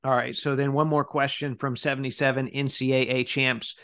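A man's voice: mid-range voice, fairly quick, smooth. A man hosting a podcast, casually reading out listener questions and chatting about his week. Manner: relaxed, reads listener questions aloud. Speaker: podcast host.

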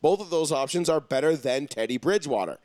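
A man's voice: a little high, animated, fast talker, darkish tone, no room sound. Profane, rambling New man. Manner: rambling, profane, self-assured. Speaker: podcast host. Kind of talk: casual sports talk.

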